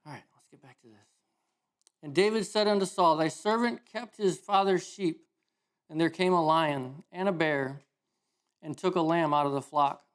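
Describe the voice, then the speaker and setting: A man preaching a sermon in a casual, animated storytelling way, correcting himself as he goes. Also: fairly high pitch, moderate pace, clear, resonant tone. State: emotional.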